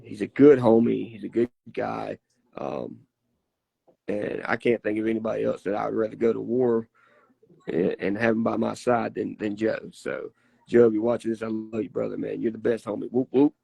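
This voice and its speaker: Excitable man with a dry close sound. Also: fairly low pitch, moderate pace, gravelly, husky, no echo. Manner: folksy, emphatic, profane. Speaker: wrestler guest. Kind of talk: casual interview storytelling.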